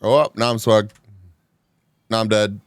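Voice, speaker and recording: A man streaming live, chatting casually with his viewers, animated and quick to laugh, sounding a bit groggy after a nap. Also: lowish voice, clean tone, no echo. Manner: animated, reactive, laughs often. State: groggy after just waking. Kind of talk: casual chat, reading chat live.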